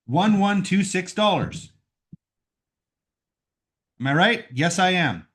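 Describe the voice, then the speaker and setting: In a lesson recorded at home on a computer mic, a man with a somewhat high voice takes it slowly through a math problem. The math teacher is expressive, speaks each step aloud, and keeps asking "right?".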